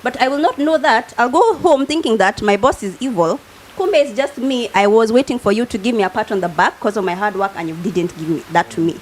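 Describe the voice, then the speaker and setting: A woman's voice: fairly high pitch, fairly quick, slight background noise. A woman with a Kenyan accent, a guest expert on a TV talk show, explaining in a teacherly way and acting out everyday examples. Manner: teacherly, acts out everyday examples, mixes English and Swahili. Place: TV studio.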